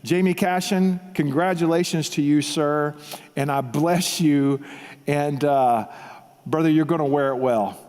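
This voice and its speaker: A man giving a heartfelt tribute speech, telling a story with emphatic repetition and loud shouted quotes. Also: a little high, a little slow. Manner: animated, emphatic, repeats himself, shouts out quoted lines. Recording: long hall reverb.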